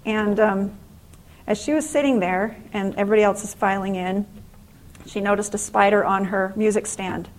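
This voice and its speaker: A middle-aged woman giving a faith-based motivational class at a conference, telling stories with lively acted-out exclamations. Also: mid-range voice, normal speed, poor audio. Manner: animated storytelling, acting out exclamations. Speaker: conference speaker and author.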